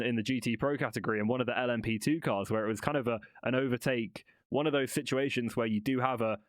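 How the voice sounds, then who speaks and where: A man talks through a solo motorsport podcast in a loose, conversational way, often restarting and correcting himself. His voice sits at an ordinary middle pitch. The sound is dry and close, with no room echo. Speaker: podcast host. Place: studio.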